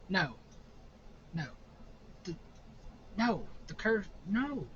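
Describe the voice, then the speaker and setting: Young man, casual vlog, rambling and profane, slightly high voice, dull lo-fi audio. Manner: profane, rambling, quick to laugh. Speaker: horror movie vlogger. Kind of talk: casual ranking commentary. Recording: slightly dull recording with faint noise.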